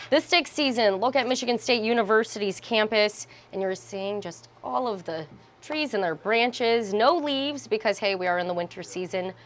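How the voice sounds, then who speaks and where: A woman, a local TV news anchor bantering on air in the studio, playfully glum and conversational. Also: mid-range voice.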